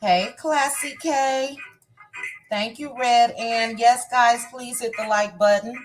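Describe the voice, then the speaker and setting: A woman's voice: a little high, fairly even intonation, slow pace, a little hiss or hum, poor audio. A woman hosting a casual live stream, greeting viewers by name one after another. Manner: warm shout-outs, reading names one by one.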